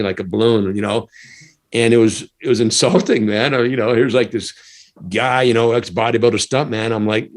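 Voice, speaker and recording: A man's voice: mid-range voice, a little fast. A middle-aged American man, a former stuntman, telling a story casually, laughing often and acting out quotes. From United States.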